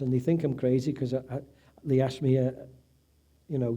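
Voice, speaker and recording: A man's voice: medium pitch, steady tone, moderate pace, long pauses, warm tone, breathy edge. A middle-aged man giving an emotional personal testimony at an event, acting out the voices of people he quotes. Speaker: event speaker, patient's husband.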